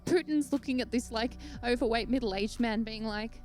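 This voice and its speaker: A woman's voice: on the high side, normal speed, few pauses, faint music behind. A young Australian woman giving a comedic rant, digressing and mocking people in put-on voices.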